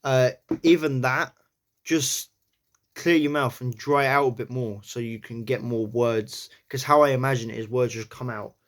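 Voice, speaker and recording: A man's voice: medium pitch, steady tone, moderate pace. A man casually talking through his accent practice, thinking aloud and often saying "you know".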